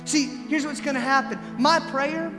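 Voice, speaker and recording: A male pastor preaching a sermon with passion, swinging between hushed earnest lines and loud, pleading ones. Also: very high voice, steady tone, moderate pace, big-room sound, over music. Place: church sanctuary.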